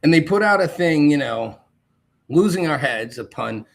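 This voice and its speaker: Man's sarcastic commentary, somewhat high voice. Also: lively intonation, moderate pace, creaky. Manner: sarcastic, mocking, with exaggerated put-on voices. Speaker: host. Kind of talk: political commentary monologue.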